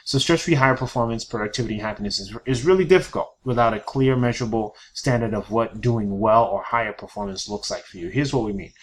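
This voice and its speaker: A man's voice: lowish voice, quick pace, hardly any pauses. A man presenting a productivity webinar in a casual lecturing style, peppered with "you know" and "right?". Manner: chatty, fillers and tag questions.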